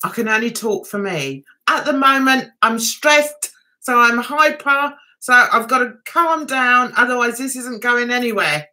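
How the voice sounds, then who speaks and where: Giggly British woman with a high, lively voice. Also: normal speed, few pauses. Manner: giggly, flustered and chatty. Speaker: livestream host. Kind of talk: casual livestream chat.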